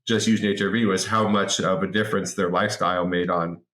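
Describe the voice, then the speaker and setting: Low-voiced man in his forties, roomy echo. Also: fast. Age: 40s. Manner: lively anecdotal telling with frequent word repeats. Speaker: podcast guest. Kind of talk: casual interview storytelling.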